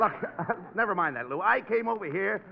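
A man's voice: sits high, animated, fairly quick, gravelly, noisy background. A man playing the straight man in a 1940s radio comedy, exasperated and scolding. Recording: muffled 1940s radio broadcast before a live audience.

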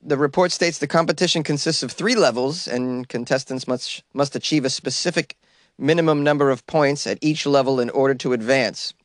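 A man's voice: medium pitch, a little fast, dry recording, clean studio sound. A man hosting a comedic news podcast from a small closet, riffing on stories and laughing at his own jokes. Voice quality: jokey, riffs and laughs at his own lines. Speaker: podcast host.

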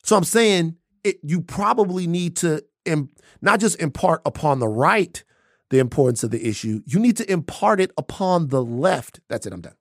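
A man's voice: a little high, lively intonation, moderate pace, dry recording, studio quality. A man co-hosting a podcast, making his points emphatically and repeating lines for stress. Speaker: podcast co-host. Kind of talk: casual chat.

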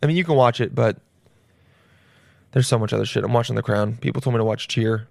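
A man's voice: medium pitch, fast, gravelly, a little mellow, no echo, studio quality. A young man hosting a solo podcast, rambling loosely and jokily with plenty of swearing. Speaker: podcast host. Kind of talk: casual solo podcast chat.

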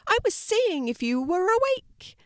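A woman gives voice to a friendly male white rabbit in a children's storybook, protective of a lost puppy. The voice sits high and lively, loud and eager. It is recorded dry and close. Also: measured pace, dry recording, heavily acted. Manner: bright, excited, high-pitched storybook voice.

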